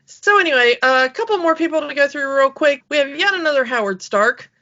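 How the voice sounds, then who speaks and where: A woman co-hosting a podcast in casual chat, rambling with many fillers and quick laughs. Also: high voice, lively intonation, sharp tone, lo-fi sound. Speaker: podcast co-host.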